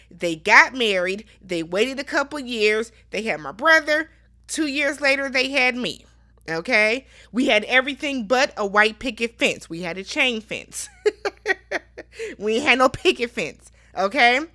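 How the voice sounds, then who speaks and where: A young adult woman hosting a casual TV recap, giving sassy, animated commentary full of exclamations. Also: fairly high pitch. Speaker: recap show host. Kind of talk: casual chat recapping a TV show.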